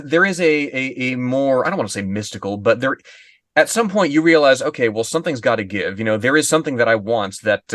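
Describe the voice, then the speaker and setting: Male podcaster, mid-range voice, halting and searching for words. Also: medium pitch, fairly bright tone, no echo, clean studio sound. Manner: searching for words, repeats himself. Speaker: podcast co-host or guest. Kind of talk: casual literary discussion.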